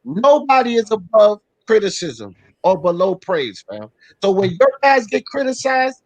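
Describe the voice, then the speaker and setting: A man hosts a live boxing talk show, his voice high and swinging all over. He talks blunt and profane, reading viewer chats and calling out panelists. The sound is close and dry. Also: big pitch swings, moderate pace, few pauses, no room sound, low-quality recording. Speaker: host. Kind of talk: heated live sports talk.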